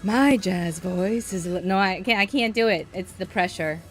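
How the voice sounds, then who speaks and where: A woman's voice: medium pitch, moderate pace, over music. A young woman co-hosting a podcast in casual chat, bubbly, laughing often and trailing off mid-sentence. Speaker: podcast co-host.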